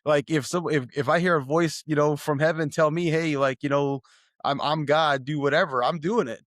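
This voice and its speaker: A man's voice: on the high side, fairly even intonation, moderate pace, no echo, studio quality. A man co-hosting a casual faith discussion, probing his partner with pointed clarifying questions. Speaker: podcast co-host.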